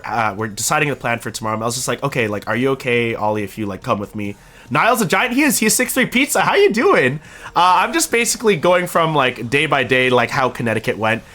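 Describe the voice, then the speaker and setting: Young male streamer, lively bright voice, rambling casual chat. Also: medium pitch. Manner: rambling, animated storytelling with voiced quotes.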